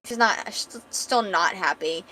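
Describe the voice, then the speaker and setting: A woman streamer casually retelling a comic story as she draws, chatty and animated. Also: mid-range voice, normal speed, a little hiss or hum, rough recording. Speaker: art streamer. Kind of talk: casual storytelling while drawing.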